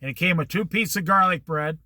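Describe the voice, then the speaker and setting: A man's voice: fairly high pitch, fairly quick, bright, forceful tone, no echo. An older man telling a long, rambling personal anecdote in a casual storytelling monologue, acting out the back-and-forth of old conversations. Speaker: host.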